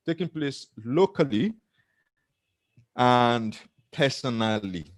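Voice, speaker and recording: A man's voice: medium pitch, dry recording. A middle-aged man with a Nigerian accent giving an earnest motivational talk to camera, often laughing at himself. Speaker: motivational speaker.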